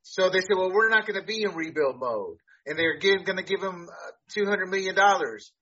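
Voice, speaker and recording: A man co-hosting a casual sports podcast. He talks in an animated, emphatic way and often repeats words as he starts a sentence. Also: high-pitched, brisk, husky, lo-fi sound. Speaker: podcast co-host.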